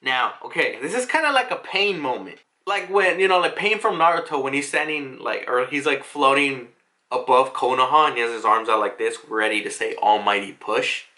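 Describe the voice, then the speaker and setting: A man's voice: medium pitch, lively intonation, a little fast, sharp tone. A young man casually recapping a manga chapter, rambling with lots of filler words and swearing freely. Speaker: manga reviewer.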